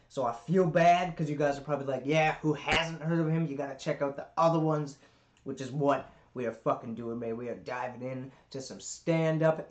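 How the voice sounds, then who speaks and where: A man with a mid-range, reverberant voice hosts a reaction video, chatting casually in a laid-back yet hyped way and swearing freely.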